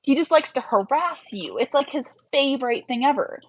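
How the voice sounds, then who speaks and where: A woman's voice: high-pitched, lively intonation, normal speed, slight background noise, poor audio. A tired woman hosting a casual livestream chat, rambling and trailing off as she works on her screen, laughing often mid-sentence. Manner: chatty, rambling, trails off while working on screen. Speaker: livestream host.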